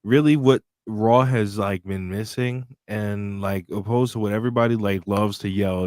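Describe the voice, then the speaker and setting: A man co-hosting a wrestling review podcast, speaking slowly and measured. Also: fairly low pitch, steady tone, darkish tone, no room sound, clean studio sound. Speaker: podcast co-host. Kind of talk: casual wrestling review chat.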